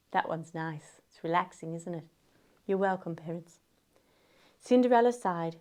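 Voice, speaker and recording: A woman's voice: mid-range voice, a little slow, pauses often. A woman reading a silly fairytale aloud for kids in a garden, with playful asides to her young audience. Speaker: children's storyteller. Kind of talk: read-aloud storytelling for kids. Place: outdoors in a garden.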